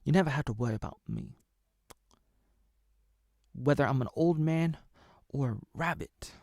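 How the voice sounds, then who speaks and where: A man's voice: mid-range voice, expressive, moderate pace, gravelly, a little mellow, no room sound, studio quality, voice pushed up. A man voicing a sassy, theatrical male jackalope rabbit in a raised, indignant voice.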